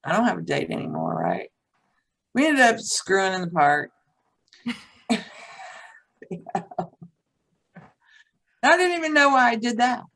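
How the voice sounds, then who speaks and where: A woman's voice: on the high side, wildly swooping pitch, unhurried, gravelly, long pauses, a bit bright, low-quality recording. A woman guest, a teacher and author, telling a personal story in conversation in a blunt, frank way and swearing casually.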